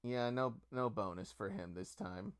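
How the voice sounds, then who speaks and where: A man runs a tabletop game, narrating the action and calling for rolls. He talks slowly and easily, with plenty of filler words, in a smooth, clear voice. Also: medium pitch, very animated. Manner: easygoing, with many filler words. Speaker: game master.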